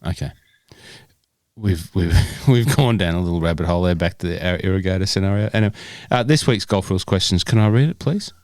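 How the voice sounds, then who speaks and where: A man's voice: low voice, brisk, a little mellow, dry recording. A man co-hosting a casual podcast, joking around and stumbling as he reads questions aloud. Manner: jokey, stumbles and restarts when reading aloud. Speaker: podcast co-host.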